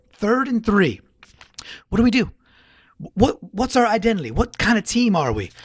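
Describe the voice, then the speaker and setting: Excitable man giving a sports recap. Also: a little high, dry recording, studio quality. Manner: animated, exclamatory, repeats phrases for emphasis. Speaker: podcast contributor. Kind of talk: solo sports recap commentary.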